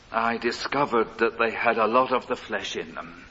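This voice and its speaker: An older man preaching a sermon, earnest and storytelling, swelling loud for emphasis and dropping low again. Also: moderate pace, slightly rough. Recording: dull lo-fi recording.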